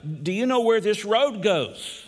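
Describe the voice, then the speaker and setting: A man's voice: high-pitched, lively intonation, a little slow, in a large hall, pitched above the performer's own voice. A man doing a lost, exasperated traveler. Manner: impatient, questioning.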